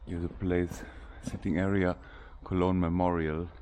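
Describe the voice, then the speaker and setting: A man's voice: low-pitched, little pitch movement, a little slow, warm tone, a little hiss or hum. A man with a German accent narrating a casual walking tour outdoors, often restarting his sentences as he searches for English words. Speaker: vlogger. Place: outdoor cemetery.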